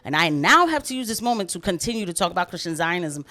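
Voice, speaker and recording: A woman's voice: fairly low pitch, big pitch swings, quick pace, sharp tone. A woman giving impassioned, emphatic commentary, often repeating herself for emphasis. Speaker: political commentator. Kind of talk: opinionated livestream commentary.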